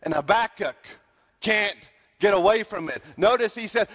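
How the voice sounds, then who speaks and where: A man preaching a sermon in earnest, slowing down to stress his points, in a large hall. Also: high-pitched, lively intonation, fairly bright tone. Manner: earnest, slows down to stress lines. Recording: dull sound with long hall reverb.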